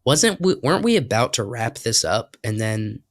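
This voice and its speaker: A man's voice: medium pitch, very animated, moderate pace, dry recording, studio quality. A man co-hosting a podcast, bantering in a joking, sarcastic casual chat. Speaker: podcast co-host.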